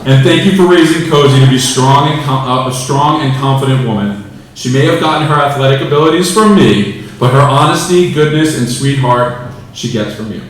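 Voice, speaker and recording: A man's voice: mid-range voice, fairly quick, a little hiss or hum. A man in his forties, a father giving a playful, joking speech to his daughter in a large banquet room. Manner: joking, playful, getting emotional. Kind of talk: prepared family speech. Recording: echoey hall from far off, crowd.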